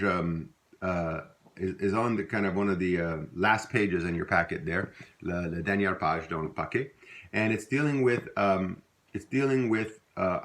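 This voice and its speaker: Low-voiced man teaching slowly. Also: a bit bright. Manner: patient, repeats words slowly with many fillers. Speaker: language teacher. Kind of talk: recorded lesson.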